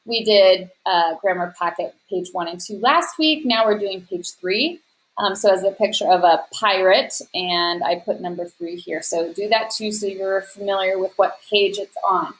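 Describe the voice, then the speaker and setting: A woman's voice: mid-range voice, normal speed, low-quality recording. A woman teacher walking students through a grammar worksheet, explaining patiently step by step and speaking directly to her class. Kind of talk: recorded class lesson.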